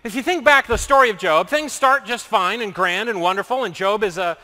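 A man's voice: sits high, fairly quick, pushed and bright. A man preaching a sermon as pastor, earnest and building his points through repetition. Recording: long reverb of a large hall.

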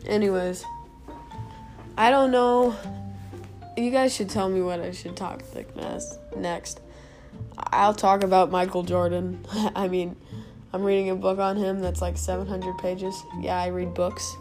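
A woman's voice: mid-range voice, little pitch movement, unhurried, darkish tone, faint music behind. A young woman hosting a casual solo podcast from home, rambling with self-mocking asides. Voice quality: creaky vocal fry. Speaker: podcast host.

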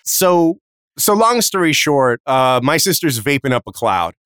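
Animated, swearing man telling a story. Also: medium pitch, clean tone, no room sound, studio quality. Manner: animated, profane storyteller with quick voice shifts. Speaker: podcast host. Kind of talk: casual storytelling chat.

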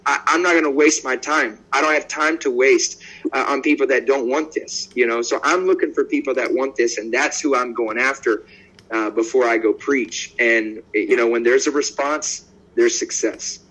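A man's voice: medium pitch, moderate pace, slightly rough, low-quality recording. A man, an evangelist guest on a podcast, telling stories boldly and acting out the dialogue in them. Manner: lively storyteller acting out quoted dialogue; bold and outspoken. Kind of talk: conversational podcast interview.

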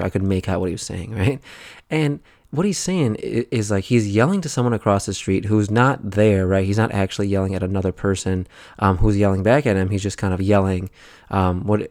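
A man's voice: on the low side, a little mellow, dry recording, studio quality. A young man hosting a casual solo podcast, rambling in a laid-back way with lots of fillers and "right?". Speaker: podcast host.

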